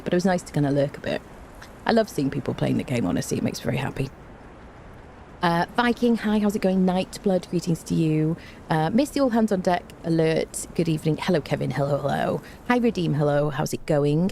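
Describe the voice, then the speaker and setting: A tired woman game streamer greets her viewers one by one with repeated hellos, bubbly and chatty in a casual live stream. Her low voice is brisk, gravelly, and dark-toned, with slight background noise.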